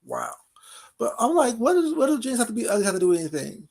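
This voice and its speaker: Gravelly, gossipy man on a livestream. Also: very high-pitched, very animated, quick pace, darkish tone. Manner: gossipy, teasing and laughing often. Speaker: livestream host talking to chat. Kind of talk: casual late-night livestream gossip.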